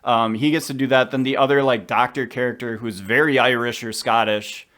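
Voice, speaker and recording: A man with a steady, mid-range, slightly bright voice co-hosts a podcast, offering opinionated, relaxed commentary on a movie along with rapid side remarks.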